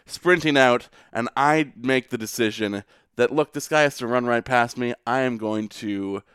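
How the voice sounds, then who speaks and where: A man co-hosts a podcast and tells a rambling, animated story in casual chat. His voice is smooth and resonant at a middle pitch. The sound is dry and close, with no room echo. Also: moderate pace. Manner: rambling, animated anecdote with filler words. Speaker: podcast co-host.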